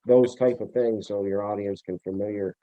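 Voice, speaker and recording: Low male guest from Vermont, rambling interview chat, tinny call audio. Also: fairly even intonation, normal speed, mellow, dry recording. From Vermont, USA. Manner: rambling, searching for words, many restarts. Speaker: returning guest, TV producer. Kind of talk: casual interview talk. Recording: tinny phone-like remote line, dry.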